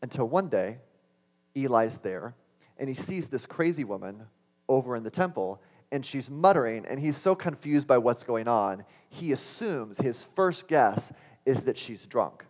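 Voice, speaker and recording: A man's voice: medium pitch, big pitch swings, normal speed, a little mellow. A man preaching a sermon, earnest and building to impassioned exclamations. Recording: long hall reverb.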